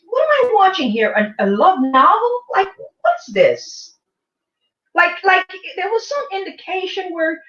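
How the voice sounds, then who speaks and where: A woman retelling a film scene in casual commentary, animated and incredulous, often asking "right?" and repeating herself for emphasis. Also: high voice. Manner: incredulous, mocking. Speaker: commentary vlogger. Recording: echoey room, dull lo-fi sound.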